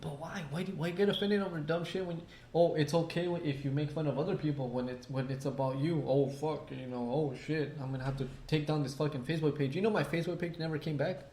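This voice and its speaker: Profane, animated man in an echoey room. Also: on the high side, quick pace, hardly any pauses, a little hiss or hum. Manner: profane, animated storyteller acting out quotes. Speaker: podcast co-host. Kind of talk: casual drunk podcast chat.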